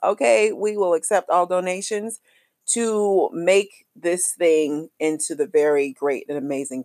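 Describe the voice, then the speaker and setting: A woman podcast host, talking in a lively, chatty, affectionate way full of slang as she wraps up her show. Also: on the low side, dry recording, clean studio sound. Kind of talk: casual podcast outro.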